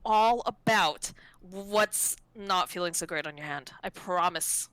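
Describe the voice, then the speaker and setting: A woman's voice: fairly low pitch, takes it slowly, fairly bright tone, clean tone, no echo, poor audio. A woman voicing a pushy potion peddler who talks up her wares in wheedling sales patter. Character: pushy fast-talking female potion peddler.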